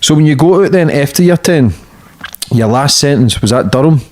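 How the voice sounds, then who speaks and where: A man's voice: fairly high pitch, animated, moderate pace, darkish tone. A man interviewing a guest, mostly giving brief acknowledgements and short questions. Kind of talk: casual interview.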